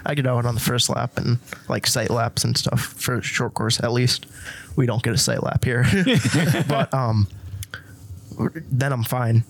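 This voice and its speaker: Guy on a podcast, kinda halting, lots of like and um, normal pitch. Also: steady tone, creaky, dry recording. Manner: halting, hesitant, restarts often. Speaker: racing guest. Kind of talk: casual podcast chat.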